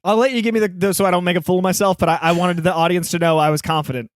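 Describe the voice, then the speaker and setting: Quick chatty guy on a podcast, kinda high voice, rattles off his answers, dry sound. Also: steady tone, no room sound. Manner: quick, chatty, self-deprecating. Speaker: podcast host and contestant. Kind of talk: casual podcast chat.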